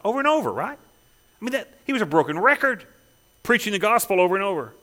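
A man's voice: high-pitched, very animated, fast, pushed and bright, long reverb tail. A man preaching a sermon as a pastor, emphatic, with rhetorical questions and a repeating cadence.

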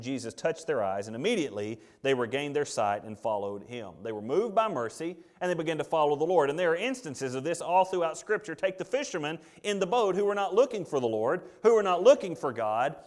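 A man preaching a sermon in a conversational way, acting out the voices of the people he quotes. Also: on the high side.

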